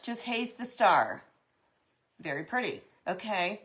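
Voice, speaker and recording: A woman with a mid-pitched voice runs a live craft stream. She chats with viewers in an upbeat way while she works. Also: unhurried. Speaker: craft host.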